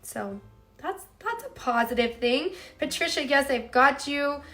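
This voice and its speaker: A woman's voice: sits high, animated, unhurried, bright, forceful tone. A woman hosting a home cooking livestream, chatting casually and reading out viewer comments in an upbeat way. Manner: chatty, upbeat, addresses viewers as "you guys".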